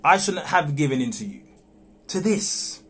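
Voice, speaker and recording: A man reads a young man ending an affair in a live read-through, slow, calm and measured. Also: a little high, slight background noise. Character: young man backing out of an affair with a married woman. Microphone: phone on a livestream.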